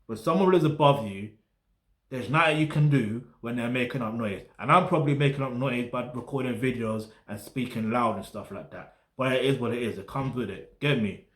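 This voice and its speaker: South London man, casual music-review host, slangy and rambling, mid-pitched voice in an echoey flat. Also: brisk. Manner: rambling, full of slang tags like "get me" and "yeah". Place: flat in a residential block.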